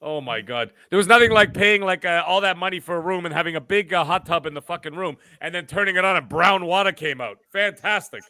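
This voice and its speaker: A man's voice: high-pitched, quick pace, hardly any pauses, bright, forceful tone, dry recording. A man co-hosting a podcast, trading crude, laughing banter from home. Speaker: podcast co-host. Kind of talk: casual chat.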